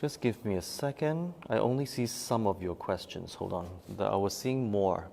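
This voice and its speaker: A male meditation teacher with a voice that sits a little low speaks to his group in a meditation room. He leans on repetition to drive each point home, and now and then he reads a viewer's comment aloud and answers it. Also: animated, moderate pace, vocal fry, dark tone, a little hiss or hum. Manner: emphatic, repeats key words for stress. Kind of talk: live-streamed teaching talk after meditation. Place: meditation room at a forest retreat.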